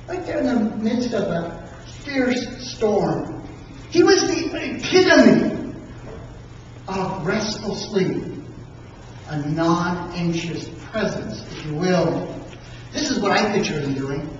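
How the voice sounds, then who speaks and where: Preacher for a slow, dramatic sermon, recorded from far back in a reverberant church hall. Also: mid-range voice, a little hiss or hum. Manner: dramatic storytelling with emphatic pauses. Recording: echoey hall from far off, dull and lo-fi.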